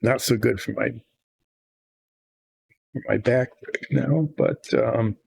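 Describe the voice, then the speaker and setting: A man's voice: mid-range voice, steady tone, takes it slowly, gravelly, a little mellow, breathy edge, no echo. An older man hosting a miniature painting video, chatting casually and thinking aloud in a meandering, self-deprecating way. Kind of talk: casual rambling chat while painting.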